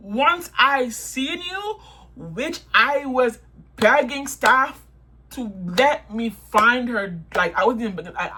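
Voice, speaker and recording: A young woman tells a storytime vlog in a bright, sharp voice. She vents heatedly, swearing and repeating her points for emphasis. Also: fairly high pitch. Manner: heated, profane, repetitive venting.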